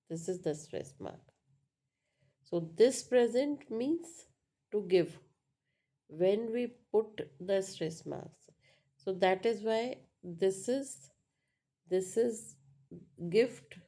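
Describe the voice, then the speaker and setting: A woman's voice: medium pitch, warm tone. A woman, teaching pronunciation patiently and checking in with "right?" often. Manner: patient, repeats points with frequent "right?" and "uh". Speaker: English teacher. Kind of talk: slow classroom-style explanation.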